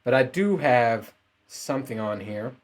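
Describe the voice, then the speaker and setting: A man's voice: mid-range voice, expressive, measured pace. A man with a middle-range voice talks straight to his listeners in a loose, unscripted podcast rant. He swears freely, rambles from one gripe to the next and chuckles at his own complaints. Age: adult parent. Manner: profane, rambling, frequent laughs. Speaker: podcast host. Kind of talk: casual solo podcast rant.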